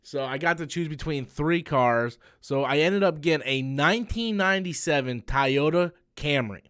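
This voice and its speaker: A man's voice: a little high, expressive, normal speed, a bit bright, smooth. A young man, hosting a live stream and telling a long story in casual chat, full of fillers and restarts. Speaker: comics channel host.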